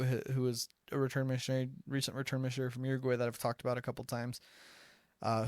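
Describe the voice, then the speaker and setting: Chatty and heavy on fillers like "like," a young American man shares casual stories into a close podcast microphone. His medium-pitched voice is smooth, and the recording is studio quality with no echo.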